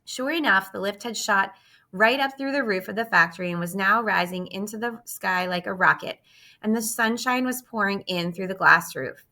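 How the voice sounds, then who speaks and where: A woman's voice: mid-range voice, moderate pace, sharp tone. Woman reading a storybook aloud. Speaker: audiobook reader. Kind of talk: storybook narration.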